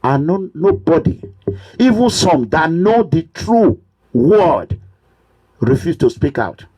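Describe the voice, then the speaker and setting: Nigerian guy with a high voice going off on politics, preachy, repeats himself, gets shouty. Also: sing-song, takes it slowly, breathy edge. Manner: preachy and repetitive, swings into shouting. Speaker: political commentator. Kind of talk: impassioned political monologue.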